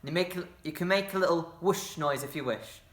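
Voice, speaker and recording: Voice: mid-range voice, a little fast, roomy sound. A drama workshop leader guiding children through a movement game, encouraging them and making playful sound effects.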